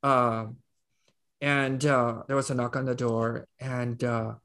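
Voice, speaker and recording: A man's voice: medium pitch, flat delivery, takes it slowly, a bit bright. A man, a nonprofit CEO, telling a personal story as a guest in an earnest, conversational way, with frequent restarts. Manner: earnest, with many restarts and fillers.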